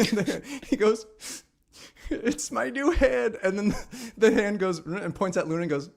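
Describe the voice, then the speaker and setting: A man running a tabletop game as dungeon master, narrating with frequent laughs and halting restarts. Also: high voice, darkish tone.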